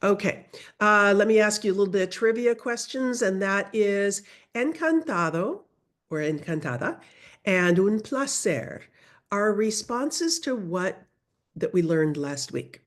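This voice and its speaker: Woman, middle-aged, online teacher, very expressive pitch, unhurried, video call audio. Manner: lively, drawn-out modeling of sounds for repetition. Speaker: Spanish teacher. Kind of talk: online class instruction.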